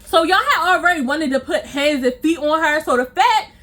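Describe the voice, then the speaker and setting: A woman vlogger casually telling a story to her viewers in an animated way. She repeats phrases for emphasis and acts out what people said. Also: high-pitched, moderate pace.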